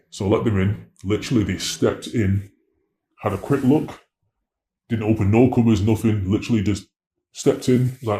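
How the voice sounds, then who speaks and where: A man, telling his story in an interview in a slangy, animated way and acting out dialogue. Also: on the low side, moderate pace, long pauses, reverberant. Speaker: interviewee, former drug dealer.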